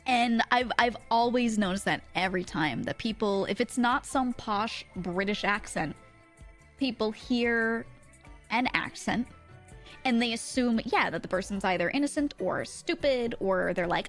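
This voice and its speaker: A young woman chats casually with her stream, giggling often and talking in an easygoing way. Her voice sits a little high, with soft music playing faintly behind her. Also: moderate pace. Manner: chatty and giggly, often laughing. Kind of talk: casual stream chat, reading chat messages.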